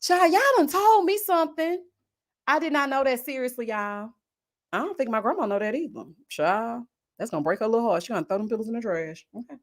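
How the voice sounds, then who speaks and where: A woman, a reality-show reviewer chatting casually with her live viewers, expressive and full of slang, calling them girl and honey. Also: fairly high pitch, fast talker.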